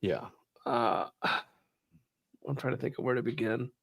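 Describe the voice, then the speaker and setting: A man's voice: medium pitch, measured pace, gravelly, no echo, clean studio sound. A man co-hosting a casual comic book chat, blunt and profane. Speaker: podcast co-host.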